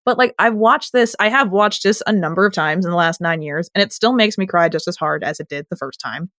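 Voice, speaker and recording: A woman's voice: on the low side, brisk, fairly bright tone, no echo, studio quality. A woman in her late twenties co-hosting a TV recap podcast in casual chat, chatty and emotional, laughing often. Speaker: podcast co-host.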